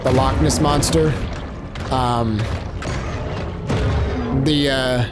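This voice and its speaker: A man's voice: medium pitch, fairly even intonation, extremely slow. A man rambling through casual gameplay commentary as a let's play host, often breaking off mid-sentence and searching for words. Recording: game music playing behind.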